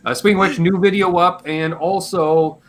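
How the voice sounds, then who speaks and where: A man with a slightly hoarse voice, hosting a casual live Q&A stream, rambling and joking and swearing offhand. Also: high voice, fairly even intonation, moderate pace, slight background noise. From Canada. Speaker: livestream host.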